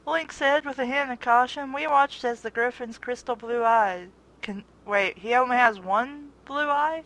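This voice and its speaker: A woman's voice: on the high side, unhurried, a bit bright. A woman doing a comedic reading of fanfiction aloud, with joking asides. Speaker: fanfiction reader.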